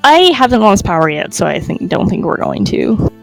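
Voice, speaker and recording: A woman player chats casually and lets her sentences wander. Her pitch rises and falls a lot, and faint music plays behind her. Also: sing-song, normal speed, creaky. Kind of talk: casual chat.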